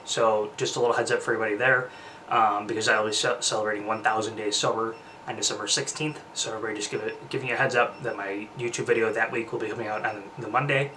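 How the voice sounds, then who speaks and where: A man's voice: medium pitch, bright, forceful tone, distant mic, slight background noise. A young man chatting casually to his vlog audience, out of breath, rambling with lots of fillers, restarts and the odd curse word. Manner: rambling, frequent fillers and restarts, occasional swearing. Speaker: vlogger.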